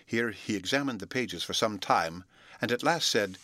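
A man reading a storybook aloud, narrating in a steady, even way between the voiced lines. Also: fairly low pitch, normal speed, dry recording. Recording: dry close recording.

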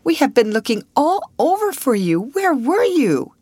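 A woman reading an audiobook voices an anxious, fond older sister who fusses in a high, excited way. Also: takes it slowly, no echo. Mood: fussing.

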